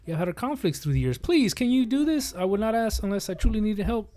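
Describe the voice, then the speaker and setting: A man's voice: sits high, lively intonation, quick pace, warm tone, pitched above the performer's own voice. A man reading aloud and voicing a gracious, formal fairy queen from a storybook. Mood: pleading. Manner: formal, pleading.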